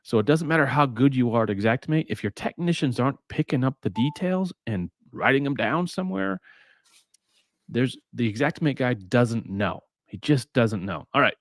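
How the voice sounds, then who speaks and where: A man's voice: mid-range voice, no room sound, studio quality. A man hosting a casual roundtable show, talking bluntly and swearing now and then. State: out of breath. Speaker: podcast host.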